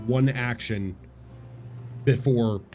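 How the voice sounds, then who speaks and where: A man's voice: medium pitch, extremely slow, darkish tone, faint music behind. A man narrating as game master, describing scenes and calling for rolls.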